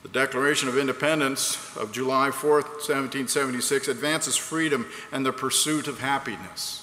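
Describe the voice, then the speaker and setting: Earnest guy preaching, bright clear voice a bit high, big roomy hall sound. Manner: earnest, rhetorical, reads quotes aloud. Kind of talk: sermon. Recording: echoey hall, faint background noise.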